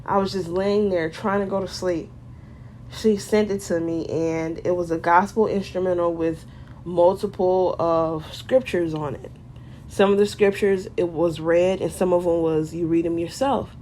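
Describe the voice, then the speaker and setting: A woman's voice: on the low side, fairly even intonation, measured pace, mellow, a little hiss or hum. A woman vlogger giving an emotional personal testimony in candid, casual slang.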